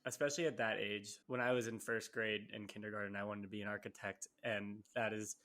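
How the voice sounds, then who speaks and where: A young man co-hosting a podcast, talking in a relaxed, rambling way with many fillers. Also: on the low side, brisk. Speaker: podcast co-host. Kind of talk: casual interview conversation.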